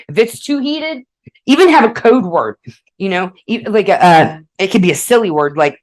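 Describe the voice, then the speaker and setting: Woman podcast host, lowish voice, blunt and profane, keeps checking in with "okay?". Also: poor audio. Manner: blunt, swears freely, frequent "okay?" check-ins. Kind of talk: casual advice podcast with read passages.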